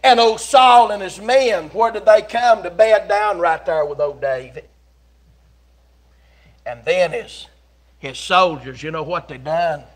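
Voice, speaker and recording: A man preaches in a church, his voice sitting fairly high for a man. He tells the story in a folksy, animated way, swinging from loud calls to hushed asides. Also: unhurried. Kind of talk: sermon. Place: church sanctuary.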